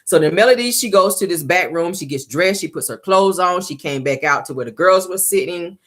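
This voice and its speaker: A sassy woman with a low voice recaps reality TV in a casual, chatty way. Her pitch swings widely as she acts out each person's lines, and she adds her own commentary. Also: expressive, fairly quick, fairly bright tone. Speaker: reality show recap host.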